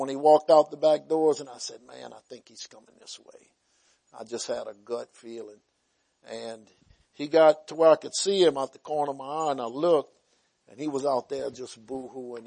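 Folksy preacher man. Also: fairly high pitch. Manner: folksy, swings from loud preaching to hushed quiet. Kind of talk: sermon testimony storytelling.

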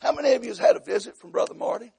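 A man preaching a sermon, telling folksy humorous stories and acting out voices, rising to loud shouts. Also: very high-pitched, animated, very fast. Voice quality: gravelly, husky. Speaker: pastor.

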